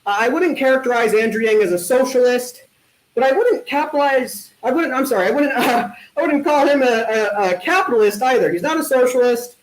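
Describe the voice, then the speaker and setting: Man telling deadpan puns in an echoey room. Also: very high voice, fairly quick, slight background noise. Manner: deadpan punning delivery with hesitant fillers. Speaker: talent show comedian. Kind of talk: stand-up one-liners.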